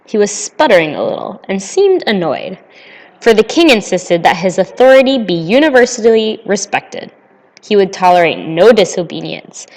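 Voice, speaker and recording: A woman reads a storybook aloud at an unhurried pace. Her voice sits at a middle pitch. A long reverb trails behind her words. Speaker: audiobook narrator. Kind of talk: storybook narration.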